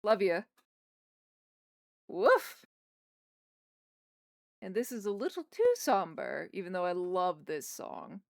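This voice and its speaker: A woman's voice: lowish voice, big pitch swings, moderate pace, gravelly, hardly any pauses, a little mellow, dry recording, clean studio sound. A woman streamer chatting casually from her desk at home while she draws, rambling and talking to her pets. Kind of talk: casual livestream chat while drawing. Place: home desk in a wheeled chair.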